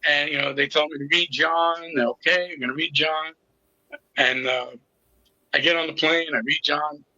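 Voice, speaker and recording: A man's voice: fairly high pitch, fairly even intonation, moderate pace, sharp tone, no echo, highs cut off. A middle-aged man telling his personal story as an interview guest, candid and with a sarcastic sense of humor. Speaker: interview guest, recovery coach.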